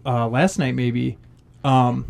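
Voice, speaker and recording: A man's voice: medium pitch, little pitch movement, slow, vocal fry, darkish tone. A man co-hosting a podcast, telling rambling stories in casual chat and acting out what people said. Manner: rambling storyteller, many fillers, acts out quotes. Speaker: podcast co-host.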